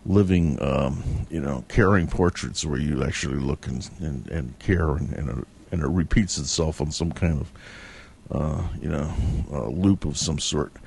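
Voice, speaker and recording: A man's voice: rumbling low, normal speed, vocal fry, darkish tone, husky. A man telling a long, vivid dream in a casual, rambling way, full of fillers and restarts. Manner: chuckles between sentences. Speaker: dream teller. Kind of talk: casual spoken recollection.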